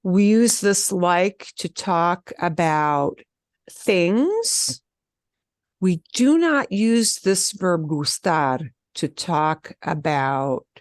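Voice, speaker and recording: An upbeat, encouraging woman with a deep voice teaches beginner Spanish in an online class, modeling phrases slowly so learners can repeat them. The sound is clean studio audio with no room echo.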